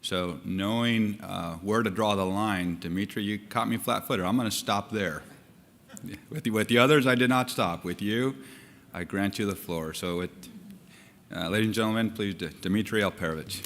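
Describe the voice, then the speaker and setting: A low-voiced man hosts the event and introduces the speaker in a halting, joking way. He sounds a little distant from the mic, and a long hall reverb trails each phrase. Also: a bit bright. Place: large lecture hall.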